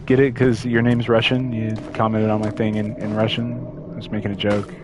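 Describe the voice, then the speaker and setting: A man's voice: fairly low pitch, flat delivery, brisk, background noise. A young man chatting casually while streaming a game, rambling and stumbling over words as he reads aloud. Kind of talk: casual gameplay commentary.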